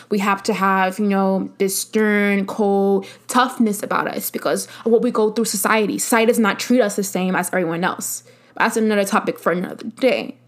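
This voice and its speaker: A young adult woman hosting her own podcast, speaking in an earnest, emphatic way and repeating phrases to stress a point. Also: a little high. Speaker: podcast host. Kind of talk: casual solo podcast talk.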